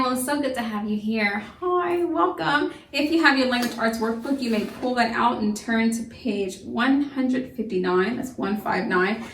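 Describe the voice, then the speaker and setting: A woman's voice: on the high side, fairly bright tone, echoey room, slight background noise. A woman teaching a homeschool vocabulary lesson, who sounds out syllables patiently and gives encouraging examples.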